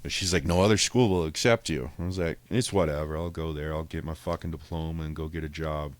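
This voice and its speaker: A young man with a very low voice tells a rambling story, swearing freely and laughing as he goes. He quotes others without changing his voice. The sound is dry and close, with no room around it. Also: steady tone, fast talker, dry recording. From Colorado, US. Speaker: podcast guest telling a story. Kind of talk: casual storytelling.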